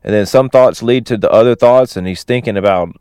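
A man recounts a film plot in a loose, rambling way, full of fillers and little chuckles. His voice sits fairly low and sounds smooth and clear. The recording is dry and close, with no room sound. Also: brisk, a little mellow, no echo. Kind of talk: casual film plot retelling.

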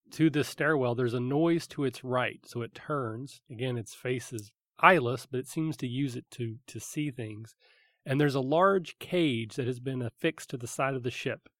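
A man's voice: medium pitch, fairly bright tone, dry recording. Man narrating as game master, dry sound. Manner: vivid descriptive narration with fillers.

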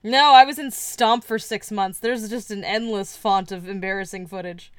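A woman from Canada co-hosting a podcast, joking with sarcastic quips and animated stories. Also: mid-range voice, normal speed, clear, resonant tone, no echo. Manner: sarcastic, jokey, animated storytelling. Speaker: podcast co-host. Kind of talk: casual chat.

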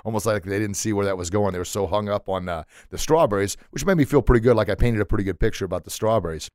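Low-voiced earnest man, dry sound. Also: fast, no echo. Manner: earnest, repeats words while searching for them; animated, acts out children's reactions. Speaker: former teacher turned motivational speaker. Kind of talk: casual motivational talk.

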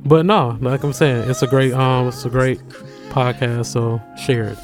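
A man's voice: mid-range voice, fairly even intonation, measured pace, faint music behind. A man co-hosting a podcast in a laid-back, slangy casual chat. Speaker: podcast co-host.

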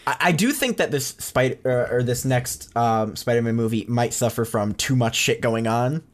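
A man talks about films on a podcast in an ordinary mid-range voice. He is candid and relaxed, with the odd swear word. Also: mid-range voice, normal speed. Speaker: podcast co-host. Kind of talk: casual movie-ranking chat.

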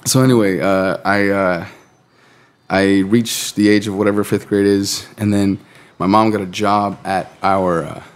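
A man's voice: lowish voice, steady tone, measured pace. A man in his late twenties, co-hosting a podcast in a laid-back, casual way, swearing freely and laughing often. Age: late 20s. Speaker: podcast co-host.

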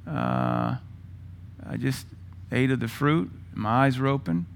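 A man's voice: fairly high pitch, fairly even intonation, moderate pace, creaky, slight background noise. A man voicing a hesitant, sheepish young man caught out in a sermon retelling. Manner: hesitant, mumbling.

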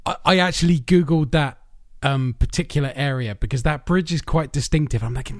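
A man, co-hosting a casual film chat, animated and laughing often. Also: fairly high pitch, brisk, dry recording, clean studio sound. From England. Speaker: podcast co-host. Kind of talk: casual chat about films.

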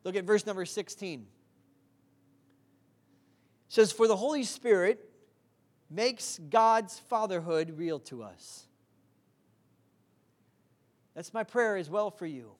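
A woman's voice: mid-range voice, animated, slow pace, long pauses, darkish tone. A woman preaching a sermon, earnest and direct, who often asks the congregation to respond.

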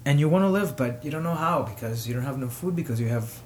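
A man hosting his own show, giving personal commentary with emotion, pausing often and rising to indignation. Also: medium pitch, expressive, a little mellow, a little hiss or hum. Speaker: podcast host.

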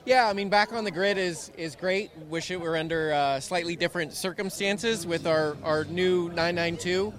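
A man, a race driver and team manager, interviewed on the grid, talking in a halting way with many repeats. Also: sits high. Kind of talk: pit lane interview. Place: on a crowded racing grid outdoors. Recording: loud crowd behind.

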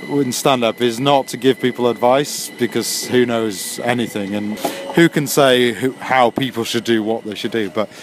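A man hosting a late-night podcast in a loose, rambling way, mulling things over between friendly nudges to his listeners. His pitch sits in the middle of the male range. A faint hum of surroundings hangs behind him. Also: steady tone, moderate pace, few pauses. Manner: rambling and musing, friendly encouragement. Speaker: podcast host and new stand-up comic. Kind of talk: casual late-night chat. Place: near a train line at night.

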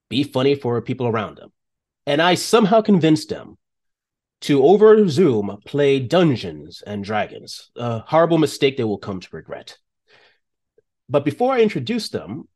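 A man hosting a podcast and narrating a tabletop role-playing game as game master, with playful, animated storytelling. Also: on the high side.

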